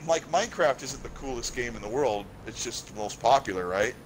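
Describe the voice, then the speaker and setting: A man's voice: mid-range voice, sing-song, normal speed. A male guest on a gaming talk show, chatting casually and explaining game tech with enthusiasm. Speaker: guest commentator. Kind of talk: casual chat. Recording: hissy stream audio.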